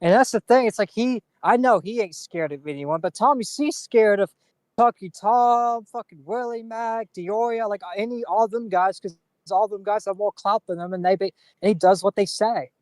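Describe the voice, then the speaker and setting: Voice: mid-range voice, moderate pace, darkish tone, dry recording, clean studio sound. A co-host on a casual commentary stream, talking bluntly with frequent profanity.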